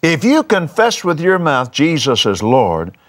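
Fervent and exclamatory, a man hosts a TV show, preaching in a testimony style as he chats, with sudden excited jumps. His voice is fairly high and a little slow.

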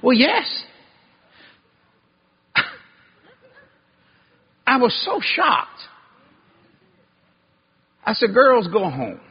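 Animated husky preacher man, high voice. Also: drawn-out words, pauses often, dull audio. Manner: animated, swings between loud exclaiming and low hushed tones; folksy Southern-style speech with y'all and ain't. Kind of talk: sermon storytelling.

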